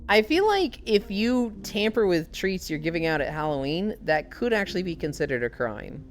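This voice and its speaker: A woman's voice: fairly low pitch, normal speed. A woman streamer chatting casually and telling stories, swearing freely as she goes. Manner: swears freely, animated storytelling. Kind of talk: casual chat while walking.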